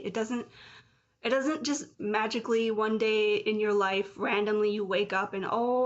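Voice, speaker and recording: A woman in her late thirties, speaking rawly and emotionally in a personal vlog, with flashes of anger. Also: medium pitch. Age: late 30s. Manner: raw, emotional, angry and confessional. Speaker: vlogger. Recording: dull lo-fi sound.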